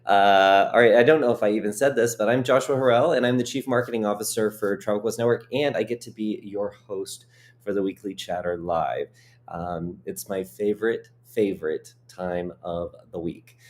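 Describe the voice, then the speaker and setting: A man's voice: on the low side, fairly even intonation, moderate pace. Chatty man hosting a livestream. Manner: chatty, rambling, self-joking. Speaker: host. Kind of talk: casual livestream chat. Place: hotel suite.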